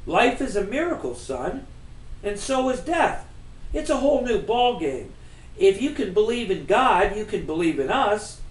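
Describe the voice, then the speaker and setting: Humble ballplayer ghost, read by a man, earnest, reflective, slow, lively pitch. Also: roomy sound, low-quality recording.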